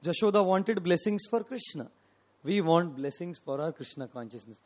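Male preacher, somewhat high-pitched, emphatic devotional sermon delivery, repeats key phrases. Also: lively intonation, normal speed, low-quality recording. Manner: emphatic, repetitive, swelling and dropping in loudness.

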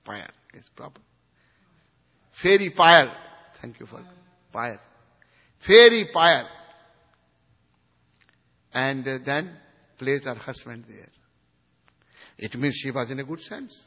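Husky man giving a devotional lecture. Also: mid-range voice, a little slow, long pauses. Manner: swings from hushed to emphatic, asks the audience questions. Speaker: spiritual teacher. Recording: dull recording in a reverberant hall.

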